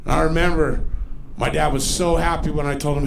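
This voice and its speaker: Gravelly-voiced man doing profane stand-up. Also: fairly high pitch, level tone, a little fast, a little hiss or hum. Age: 40s. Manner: loose, profane storytelling with exaggerated voices and shouts. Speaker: stand-up comedian. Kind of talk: stand-up comedy set. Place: underground comedy club stage.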